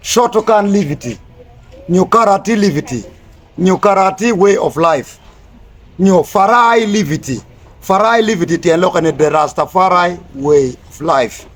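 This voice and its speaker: A man giving a spoken lesson on word meanings, mixing English with another language and spelling words out slowly. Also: high-pitched, slight background noise. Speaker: teacher of Rasta language.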